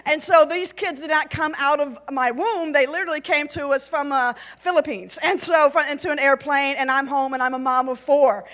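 A woman pastor shares a personal testimony as a story, rambling and chatty, packed with fillers like "like" and "and so." Her high voice is fairly bright, with fairly even intonation, normal speed, and few pauses.

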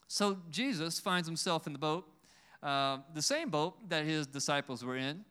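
A man preaching a sermon, building up to loud, emphatic declarations. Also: a little high, moderate pace, clean tone.

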